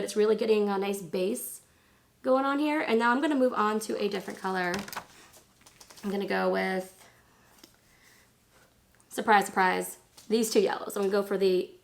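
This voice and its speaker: A woman in her thirties, hoarse from laryngitis, chatting casually and rambling through a makeup tutorial. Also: mid-range voice. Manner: chatty, rambling, lots of fillers. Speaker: beauty vlogger.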